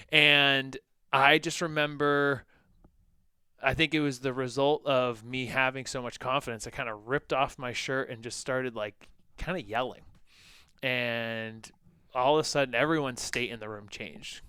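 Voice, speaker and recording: A man's voice: medium pitch, bright, forceful tone, clear, resonant tone, no echo. A man co-hosting a podcast, telling a personal story in a loose, conversational way with lots of "like" and "you know". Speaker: podcast co-host.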